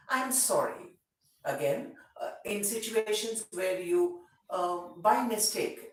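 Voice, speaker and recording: Low-voiced woman teaching English. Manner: slow, explanatory, with many example phrases. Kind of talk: spoken English lesson. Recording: echoey room, speaker far from mic.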